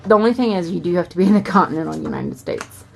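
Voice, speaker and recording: This Southern-accented planner vlogger has a fairly low voice with vocal fry and talks fast and animatedly. She rambles chattily through her planner setup, dropping fillers and side comments along the way.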